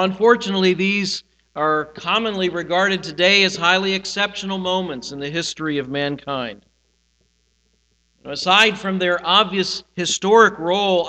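A man's voice: sits high, sharp tone, long reverb tail, poor audio. A man preaching a sermon as pastor, swelling and dropping his volume for emphasis.

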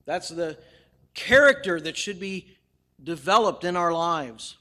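A male pastor delivers a sermon in a high, bright, forceful voice. He speaks in measured phrases with pauses for emphasis and slips in lightly humorous, conversational asides. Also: expressive, in a large hall.

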